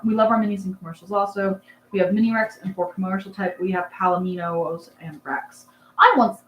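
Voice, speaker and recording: A woman's voice: on the low side, highs cut off, slight background noise. Chatty woman in an echoey room. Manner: rambling, chatty, many fillers. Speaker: livestream host, rabbit breeder. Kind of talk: casual livestream chat reading comments. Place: dark barn at night.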